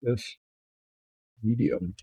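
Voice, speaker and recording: A man hosting a relaxed miniature painting session, rambling in a self-deprecating, indecisive way. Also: medium pitch, very slow, gravelly, husky, no echo. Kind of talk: relaxed hobby chat while painting.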